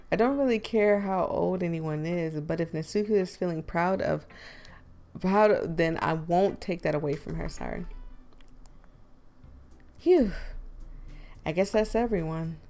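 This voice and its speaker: A self-doubting teenage boy narrates a story game in a dry, weary voice, read by a woman. The delivery is slow and gravelly. Faint music sits behind. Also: fairly low pitch, a little mellow.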